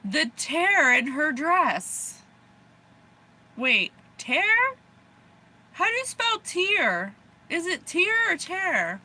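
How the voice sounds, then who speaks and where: American woman psychic, giggly and rambling, bright high voice, unhurried delivery. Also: big pitch swings. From USA. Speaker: psychic reader. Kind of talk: casual livestream reading.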